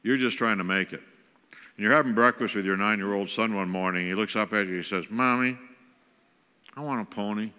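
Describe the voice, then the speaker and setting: A man's voice: on the low side, steady tone, fast, sharp tone, clean tone, in a large hall. A man giving a folksy, joking talk as a guest speaker in a church. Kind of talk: humorous sermon talk on parenting. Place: church auditorium.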